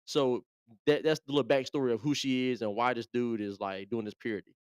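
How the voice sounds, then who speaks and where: A man's voice: mid-range voice, steady tone, brisk, clear, resonant tone, no room sound, clean studio sound. A man hosting a live show, talking in a laid-back, chatty way and often repeating himself. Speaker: host. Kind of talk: casual live commentary.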